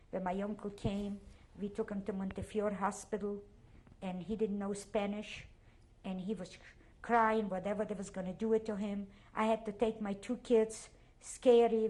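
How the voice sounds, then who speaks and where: A woman's voice: medium pitch, darkish tone. Older woman with a Polish accent. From Poland. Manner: halting, emotional, repeats herself. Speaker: interviewee. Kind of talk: oral history interview.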